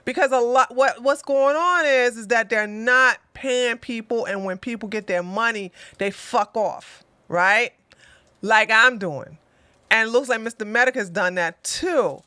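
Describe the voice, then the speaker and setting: Animated woman, bright voice. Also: a little slow, clear, resonant tone, dry recording. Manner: chatty and animated, swinging from low drawl to high exclamations. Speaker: channel host. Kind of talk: rambling casual livestream chat.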